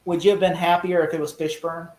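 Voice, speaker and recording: A man who is a guest in a casual podcast discussion, telling stories with lively energy and acting out quotes in mock voices. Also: on the high side, fast talker, reverberant, poor audio.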